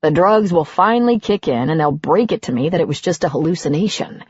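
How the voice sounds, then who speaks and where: A woman reading an audiobook and voicing a gentle, self-deprecating older man who speaks softly. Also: low voice, lively intonation, fairly quick, breathy edge, dry recording, lo-fi sound. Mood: wondering, gentle. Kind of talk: audiobook character voice.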